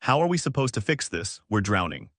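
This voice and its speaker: A man's voice: lowish voice, big pitch swings, fairly quick, fairly bright tone, husky, no echo, studio quality, heavily acted. A man voicing a middle-aged mother who pleads and stammers in a scripted audio story. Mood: pleading.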